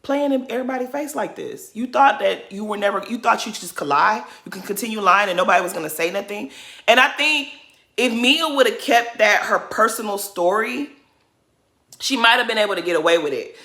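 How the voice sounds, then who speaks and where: A woman's voice: medium pitch, animated, fairly quick, bright, forceful tone. A woman giving casual reaction commentary, blunt and sassy, laughing as she rants. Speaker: reality TV commentator.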